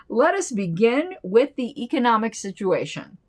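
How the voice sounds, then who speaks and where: Woman host, reads old text aloud, chatty asides, animated delivery. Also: lowish voice, moderate pace. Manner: chatty and playful, drifting into side remarks. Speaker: political commentary channel host. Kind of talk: reading an old newsletter aloud with casual asides.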